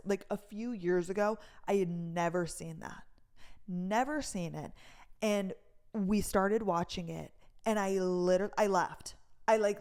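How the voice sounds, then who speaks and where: A woman's voice: on the low side, darkish tone. A young woman from North Dakota chatting casually in a rambling voice-memo style, filling her talk with "like". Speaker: vlogger.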